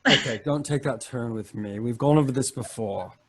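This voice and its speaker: A man's voice: mid-range voice, normal speed, noisy background, close to an everyday voice. A man voicing a fussy, haughty male stage magician in a tabletop game. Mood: indignant.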